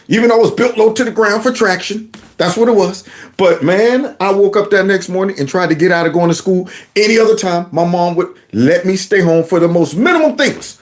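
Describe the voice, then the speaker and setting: Animated man telling a comic story. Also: high voice, a little fast. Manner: animated, talks straight to the audience. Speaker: comedic storyteller. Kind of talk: comedic storytelling.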